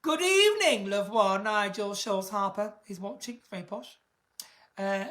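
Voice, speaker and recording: A British woman chatting camply on a live stream from home, reading out viewer comments with big theatrical swings in pitch and loudness. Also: expressive, unhurried. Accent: British English. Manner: camp, theatrical, reads viewer comments aloud. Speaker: singer hosting a live stream.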